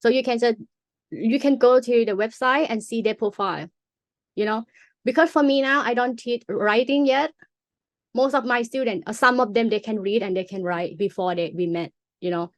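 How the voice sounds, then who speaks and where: A woman's voice: a little high, moderate pace, dry recording. Woman with a Thai accent teaching. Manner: patient, demonstrates sounds by example. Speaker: language teacher. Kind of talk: casual explanatory chat.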